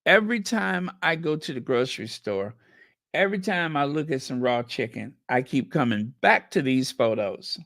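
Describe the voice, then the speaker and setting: A man hosts a sarcastic gossip commentary channel, stretching out his words with sardonic emphasis as he reads headlines and viewer comments aloud. His mid-range voice is animated and a bit bright, at a normal speed. The recording is dry and clean, with studio sound.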